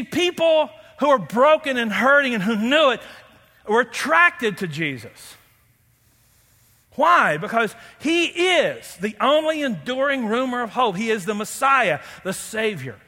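A man preaching a sermon as pastor, animated and playful, quizzing the congregation. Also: very high voice, a little slow. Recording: long hall reverb.

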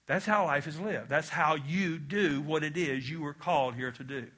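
A man's voice: fairly high pitch, normal speed, hardly any pauses, fairly bright tone. A man preaching a sermon with emphatic, repeated phrases and call-and-response, ending by leading a prayer. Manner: leads a closing prayer. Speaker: pastor.

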